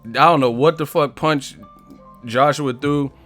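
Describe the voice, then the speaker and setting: A young man chats on a live boxing stream in a drawn-out, unhurried way, cursing freely and breaking into laughter as he mocks what he talks about. Faint music plays behind him. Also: on the high side. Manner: loud, laughing, profane, mocking, mimics others. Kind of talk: casual live-stream chat.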